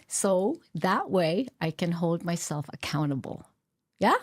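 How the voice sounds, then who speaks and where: A woman's voice: lowish voice, lively intonation, a little slow, darkish tone, no room sound. Earnest middle-aged woman, dry sound. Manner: earnest, reflective, with many fillers and restarts. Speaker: podcast guest, author. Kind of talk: candid conversational interview.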